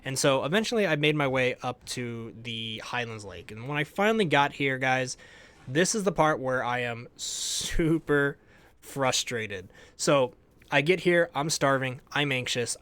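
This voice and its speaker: Animated young man recapping a game. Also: mid-range voice, moderate pace, clear, resonant tone. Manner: animated storytelling, laughs often, trailing off quieter at ends of phrases. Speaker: gaming YouTuber. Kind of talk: casual gameplay recap.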